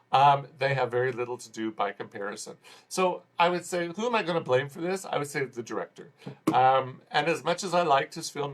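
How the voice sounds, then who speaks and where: A man's voice: medium pitch, fairly bright tone. A man giving a casual spoken movie review, rambling and exasperated, often restarting his sentences. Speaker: film reviewer.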